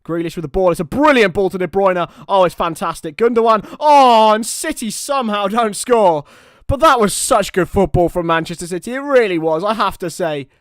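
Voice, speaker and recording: Young man, live football watchalong commentary, high voice, dry close sound, excitable, partisan. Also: moderate pace, smooth, no echo. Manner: excitable partisan, shouts at goals.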